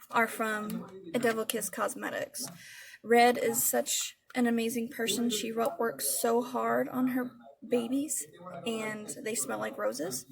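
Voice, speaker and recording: Chatty woman with a gravelly voice. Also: on the high side. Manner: chatty, rambling, swears casually. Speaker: beauty vlogger. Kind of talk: casual product review.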